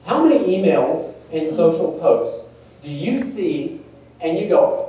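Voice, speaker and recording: A man's voice: high-pitched, big pitch swings, unhurried, warm tone. A man giving a conversational workshop talk on email marketing, asking the audience questions and poking fun at stiff wording. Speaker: workshop presenter. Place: large meeting room. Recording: echoey room, distant mic, faint room noise.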